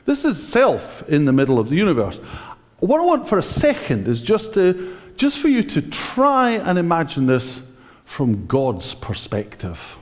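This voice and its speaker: A man's voice: a little high, wildly swooping pitch, measured pace. A man preaching a sermon, talking directly to his congregation in a conversational way and using a prop. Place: church. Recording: echoey church hall.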